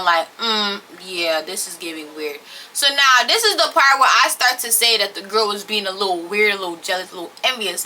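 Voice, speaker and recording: Bright, blunt young woman storyteller. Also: a little high, slight background noise. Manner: blunt, profane, animated retelling. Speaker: storytelling vlogger. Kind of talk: casual storytime.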